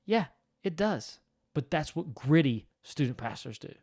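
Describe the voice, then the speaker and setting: Casting: male pastor, slightly higher voice, blunt coaching delivery. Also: animated, a little slow, darkish tone. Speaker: lead pastor teaching church leaders. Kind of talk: direct-to-camera teaching talk.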